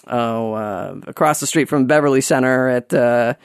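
A man's voice: medium pitch, moderate pace, smooth, dry recording, studio quality. A man casually telling an anecdote, rambling with lots of fillers and restarts.

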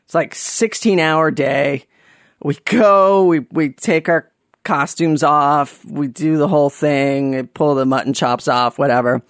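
A man telling a funny personal story in an animated, sarcastic way, dropping to mumbled asides and jumping up for mocking voices. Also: a little high, slow pace, no echo, clean studio sound. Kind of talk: comedic personal anecdote.

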